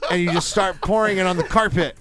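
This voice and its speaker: A man telling a wild story in casual chat, animated and profane and laughing as he goes. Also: high-pitched, quick pace, a loud crowd.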